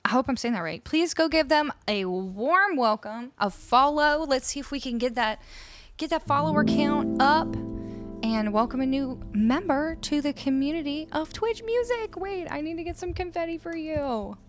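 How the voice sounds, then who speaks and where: A woman's voice: sits high, expressive, moderate pace. A woman from Canada chatting casually on a live music stream, greeting viewers and reading out their chat messages. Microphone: studio microphone.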